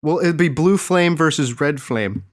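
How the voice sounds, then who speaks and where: A man hosting a podcast, chatting casually and laughing often, getting animated when he quotes people. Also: on the high side, a little slow. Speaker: podcast host.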